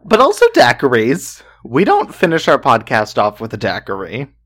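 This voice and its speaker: A man co-hosts a podcast and tells a true-crime case in a relaxed, conversational way. He talks at a middling pitch and peppers the story with fillers and casual swearing. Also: normal speed. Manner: chatty, profane, full of fillers. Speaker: podcast co-host.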